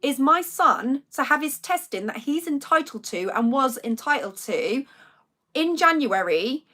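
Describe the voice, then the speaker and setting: A young British woman who speaks loudly, indignantly retelling a story in a casual chat with her live-stream viewers. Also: sits high, unhurried. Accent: British English. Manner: loud-spoken, animated and indignant retelling.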